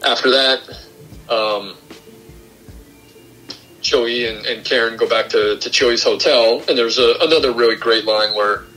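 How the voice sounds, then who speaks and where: Pausing often and speaking a little slowly, a young man with a mid-range, bright, forceful voice hosts a podcast over soft music, with poor audio. He casually goes through a film's plot scene by scene, acting out the characters' lines.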